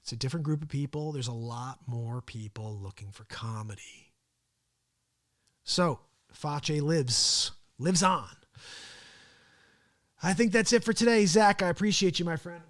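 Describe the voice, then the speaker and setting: A man's voice: fairly high pitch, unhurried, pauses often, fairly bright tone. Chatty man hosting a live stream. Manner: rambling, chatty, chuckles often. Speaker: host of a daily live talk show. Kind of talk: casual live-stream chat.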